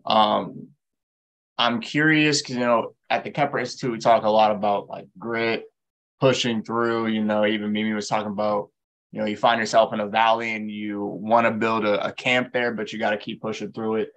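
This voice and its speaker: A man hosting a community workshop panel, asking a guest questions in a relaxed way with many fillers. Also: lowish voice, moderate pace. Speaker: workshop host and interviewer. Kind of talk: moderating a panel discussion. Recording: dull lo-fi audio.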